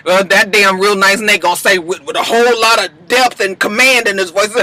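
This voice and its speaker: A man's voice: high-pitched, brisk, few pauses, pushed and bright, slight background noise, poor audio. A man recapping TV episodes in a sassy, gossipy, dramatic casual chat. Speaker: TV recap vlogger.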